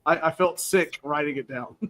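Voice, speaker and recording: A man's voice: on the high side, moderate pace, bright, forceful tone. A man hosting a casual football podcast, playfully spinning joking hypotheticals and laughing often. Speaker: podcast host. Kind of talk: casual sports talk.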